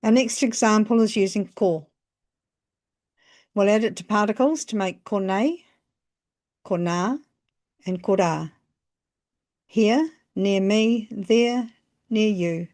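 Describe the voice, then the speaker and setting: A woman narrating a scripted language lesson, phrasing each example slowly and carefully. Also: medium pitch, a little mellow. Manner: slow, careful phrasing with pauses between examples. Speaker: language teacher.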